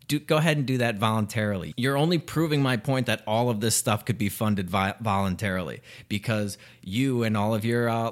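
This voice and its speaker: A man hosting a podcast, ranting in heated, sarcastic and profane political commentary. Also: lowish voice. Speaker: podcast host.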